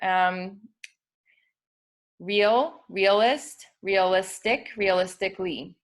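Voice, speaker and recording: A woman's voice: mid-range voice, very slow. Patient woman explaining spelling rules. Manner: patient, with frequent ums and self-corrections. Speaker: teacher.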